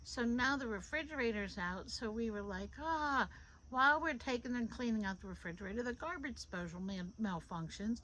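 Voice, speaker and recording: High-voiced woman giving an animated devotional. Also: fairly quick, hardly any pauses, slight background noise, low-quality recording. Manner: animated, repeats phrases for emphasis. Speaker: devotional host. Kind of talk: informal devotional talk. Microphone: phone.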